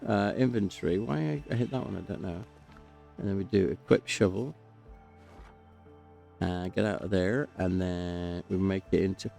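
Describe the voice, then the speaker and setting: A man's voice: low voice, moderate pace, gravelly, warm tone, soft background music. A man giving casual, chatty gameplay commentary, talking to himself and cracking jokes as he plays. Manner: chatty, self-talking, jokey.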